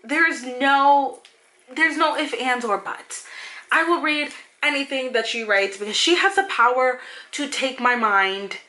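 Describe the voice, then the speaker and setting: Talking to viewers in a casual video, a young woman raves with emotion about books she loves, her speech full of fillers and sudden rushes. Her voice sits high with a sharp tone, and she's unhurried overall.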